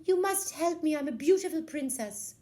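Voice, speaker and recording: A shrill spoiled princess, put on by a woman. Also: animated, normal speed, background noise. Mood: haughty. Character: haughty arrogant young princess, demanding and spoiled.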